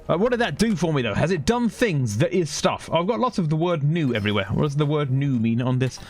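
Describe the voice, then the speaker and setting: Male streamer, dry sarcastic running commentary, slightly high voice, faint game music under. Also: big pitch swings, fairly quick, hardly any pauses. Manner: sarcastic, chatty, thinks aloud. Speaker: gaming streamer. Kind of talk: casual gameplay commentary.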